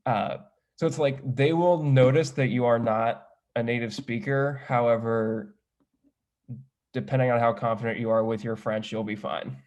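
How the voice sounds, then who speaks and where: Young man, student panelist, casual chatty talk, heavy filler words, mid-pitched voice. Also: fairly even intonation, normal speed, a little mellow. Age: young adult. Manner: chatty, heavy use of "like", self-correcting.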